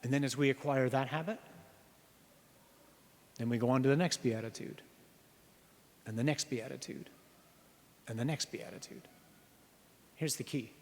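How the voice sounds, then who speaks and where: A priest giving an earnest sermon, slowing down on key phrases and asking the listeners rhetorical questions. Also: male voice, medium pitch. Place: church. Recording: reverberant church hall.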